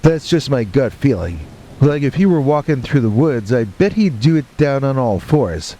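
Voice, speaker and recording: A man with a mellow, dark-toned voice at an average pitch tells a first-person horror story. His delivery is deadpan and matter-of-fact, broken by wry asides. Rain and thunder roll behind him. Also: normal speed.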